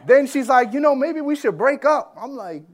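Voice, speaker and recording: A man preaching a sermon as a personal story, animated, swinging between loud bursts and hushed lines. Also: extremely high pitch, normal speed. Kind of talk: sermon testimony.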